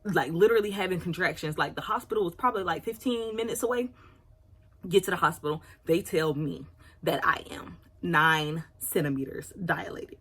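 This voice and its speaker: A woman's voice: lowish voice, normal speed, fairly bright tone, slightly rough. A woman around thirty telling a personal storytime on her vlog in a candid, chatty way, apologizing when she overshares. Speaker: vlogger.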